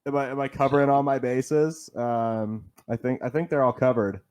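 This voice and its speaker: A comedian on a podcast with an average, middle-pitched man's voice tells stories in a relaxed way. He laughs easily and talks like he is chatting with a friend. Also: moderate pace, clear, resonant tone. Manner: laid-back storyteller, laughs often. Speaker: comedian guest. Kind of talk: casual chat, telling stories.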